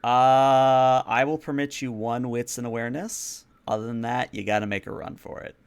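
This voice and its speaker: A man running a tabletop vampire game as game master, narrating in a relaxed, casual way with fillers. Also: mid-range voice, normal speed, creaky, smooth.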